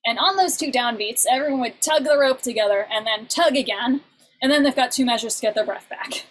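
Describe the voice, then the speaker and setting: Woman teacher, online lecture, chatty, lots of ums, slightly high pitch. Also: fairly quick, poor audio. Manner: chatty, many fillers and restarts, sings short examples.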